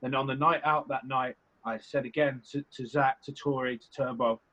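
A man's voice: mid-range voice, steady tone, moderate pace, hardly any pauses, a bit bright. A young man guesting on an interview, talking casually, rambling and candid with some swearing. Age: young adult. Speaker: reality competition contestant, guest. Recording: slightly muffled lo-fi audio.

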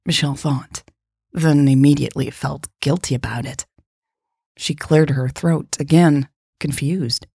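A woman narrating an audiobook in a measured, quietly dramatic reading, voicing dialogue softly. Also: low voice, steady tone, gravelly, breathy edge, no echo, clean studio sound.

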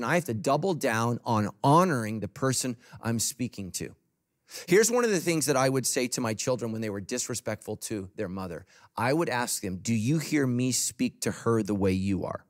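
A man preaches as pastor to a church congregation, speaking at normal speed with lively intonation. The delivery is emphatic, oscillating between punchy, loud moments and low, soft asides.

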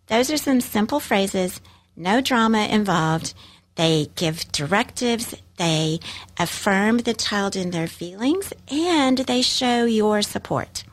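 A woman's voice: mid-range voice, expressive, a little slow. A woman hosting a talk, giving parents encouraging advice and speaking directly to her listeners.

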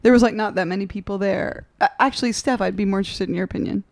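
A woman's voice: medium pitch, steady tone, very fast, creaky, no room sound. A young adult woman co-hosting a casual podcast, telling a story in a rambling, self-deprecating way with frequent laughs. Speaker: podcast host.

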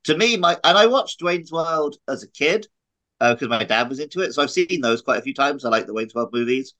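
A man co-hosting a podcast in casual chat, chatty and quick to laugh. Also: medium pitch, lively intonation, sharp tone, poor audio. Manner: chatty, laughs often, uses "like".

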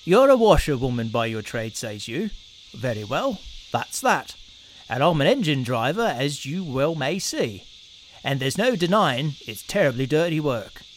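A man's voice: mid-range voice, sing-song, unhurried, a little hiss or hum. A man voicing a burly, kindly engine driver who speaks in a folksy, homely dialect. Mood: friendly.

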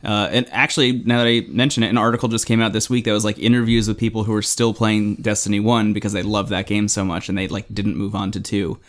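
A man's voice: on the low side, level tone, fast talker, hardly any pauses. Rambling casual man on a podcast. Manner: rambling, many fillers, swears casually. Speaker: podcast co-host. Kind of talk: casual chat.

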